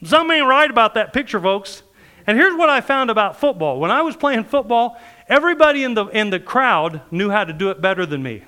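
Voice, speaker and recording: Male preacher, high lively voice, bright tone, acts out quoted people, storytelling sermon. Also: a little fast, clear, resonant tone.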